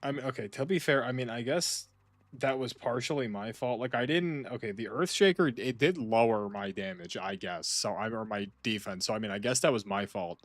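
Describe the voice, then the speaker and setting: A man's voice: medium pitch, brisk, dry recording. A young man giving casual gameplay commentary, slangy and prone to exasperated outbursts between muttered asides. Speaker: gamer.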